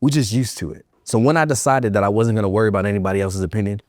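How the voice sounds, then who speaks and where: A man's voice: on the low side, steady tone, racing, a little mellow, no room sound, clean studio sound. A man giving a motivational keynote to educators, emphatic and repeating phrases for effect, telling personal stories with humor.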